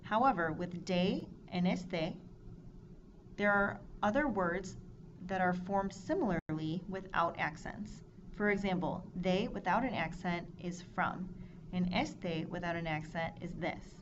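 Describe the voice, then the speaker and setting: A woman with a slightly low voice teaches Spanish grammar in a measured, scripted lesson, reading out verb forms one after another. The recording is dull and lo-fi. A steady noise sits clearly behind her.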